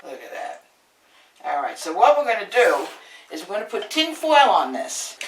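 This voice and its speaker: A medium-pitched woman's voice, very animated and moderately paced, with a Brooklyn New York accent. She hosts a home cooking demonstration, chatting and storytelling brashly. The home kitchen echoes, captured by a camera mic filmed from the other side of the room.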